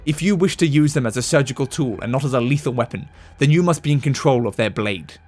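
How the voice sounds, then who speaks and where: A man reading the lines of a stern older doctor from a game, in a measured, lecturing manner. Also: mid-range voice, a little mellow, faint music behind, close to an everyday voice. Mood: grave.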